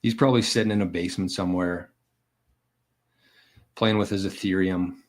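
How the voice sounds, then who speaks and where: A man's voice: low voice, fairly even intonation, moderate pace. A man hosting a daily vlog, reading viewer comments and answering them in a blunt, profane, combative way. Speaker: bitcoin vlogger.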